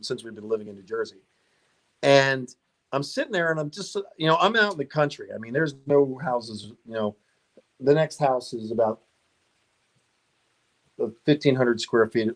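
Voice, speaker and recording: Chatty middle-aged man telling stories. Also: mid-range voice. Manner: chatty, laughs often, rambling with restarts. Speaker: podcast guest, car YouTuber. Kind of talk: casual interview storytelling.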